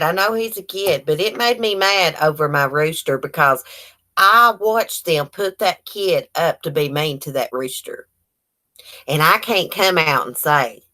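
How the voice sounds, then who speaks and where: Chatty woman telling stories. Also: fairly low pitch. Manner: chatty, animated storytelling with quoted dialogue. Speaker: livestream host. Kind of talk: casual livestream chat.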